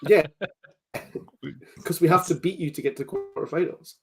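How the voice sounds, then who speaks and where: A man's voice: a little high, normal speed, fairly bright tone. A Scottish man co-hosting a podcast in casual chat, teasing and laughing often. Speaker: podcast co-host.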